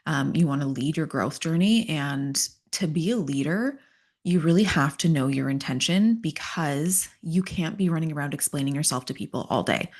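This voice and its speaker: A woman's voice: low voice, moderate pace, a little mellow. A middle-aged woman hosting a solo motivational podcast, talking in an earnest, emphatic coaching tone. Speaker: podcast host.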